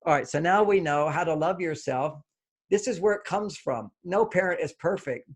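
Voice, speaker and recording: A man who is a relationship author, a guest on an interview podcast, explaining ideas and acting out the inner voices of children and parents. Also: on the high side.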